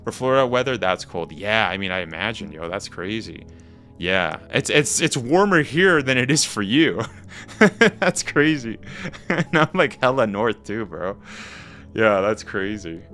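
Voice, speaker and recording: A man's voice: fairly low pitch, animated, measured pace, fairly bright tone. A young man from Canada chatting casually with his live-stream audience, slangy and rambling as he reads the chat. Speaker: game streamer.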